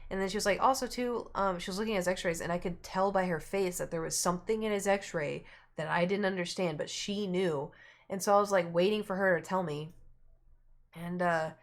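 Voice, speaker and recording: With fairly even intonation and a brisk delivery, a woman streamer chats through a long story in a rambling way. Quoted people get acted out in a raised pitch.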